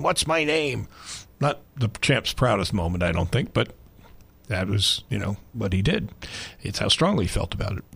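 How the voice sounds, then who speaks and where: A man in his sixties, a sports talk radio host, telling a story with lively energy and frequent laughter in a studio. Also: lowish voice, creaky, husky.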